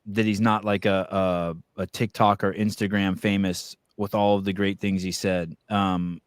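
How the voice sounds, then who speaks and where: Low-voiced rambling male host. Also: flat delivery, unhurried, clear, resonant tone, no echo. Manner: rambling, with many fillers and restarts while asking questions. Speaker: podcast host. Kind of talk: conversational interview.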